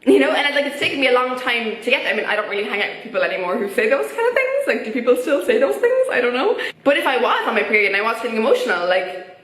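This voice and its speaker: A woman's voice: a little high, big pitch swings, racing, a bit bright. A young woman with an Irish accent giving her opinions in a casual vlog, chatty and full of filler words. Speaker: vlogger. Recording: echoey room.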